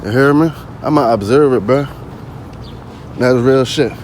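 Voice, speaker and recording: A man's voice: medium pitch, measured pace, darkish tone, a little hiss or hum. A man vlogging in a casual spoken monologue, slangy and constantly asking "you hear me".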